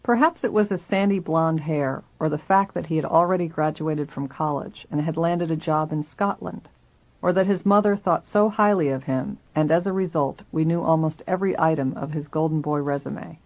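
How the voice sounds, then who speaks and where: A reader narrating a memoir aloud in steady first person, in a dull lo-fi recording. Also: medium pitch, moderate pace.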